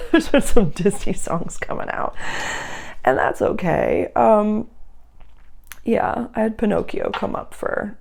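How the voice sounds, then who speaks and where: A woman's voice: mid-range voice, expressive, slow, gravelly, darkish tone. A woman giving a casual astrology reading, talking straight to her listeners in a chatty, earnest way full of fillers and restarts.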